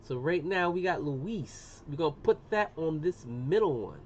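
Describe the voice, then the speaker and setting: A middle-aged man with a slightly high voice, talking loosely and full of slang as he walks his live viewers through a job. The sound is muffled and lo-fi, with a faint hiss of room noise behind him. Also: lively intonation, moderate pace. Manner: chatty, slangy, says "boom" often. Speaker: livestreamer doing laser engraving. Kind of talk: casual live-stream demonstration.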